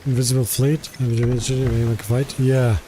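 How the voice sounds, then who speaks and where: Guy streaming games, mellow voice, chill and friendly with chat. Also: medium pitch, flat delivery, moderate pace, slight background noise. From Jordan. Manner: friendly, greets viewers by name. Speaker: game streamer. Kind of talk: casual live-stream chat.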